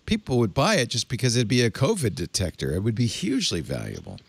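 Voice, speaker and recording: A man hosting a podcast in casual tech chat, lively and asking his panel questions. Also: mid-range voice, fast talker, gravelly, slightly rough, no echo.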